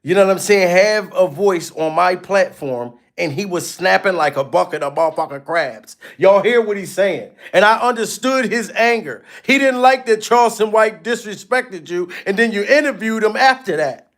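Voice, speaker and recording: A man's voice: sits high, normal speed, hardly any pauses, fairly bright tone. A man hosting a gossip commentary vlog, dramatic and talking straight to his viewers. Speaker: commentary channel host.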